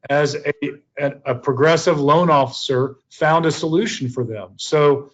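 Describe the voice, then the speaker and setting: A man hosts a webinar, backing up his guest with quick agreements before steering to the next topic. His voice sits fairly high, and the audio is a bit dull and muffled. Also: a bit bright. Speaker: webinar host. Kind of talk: webinar conversation.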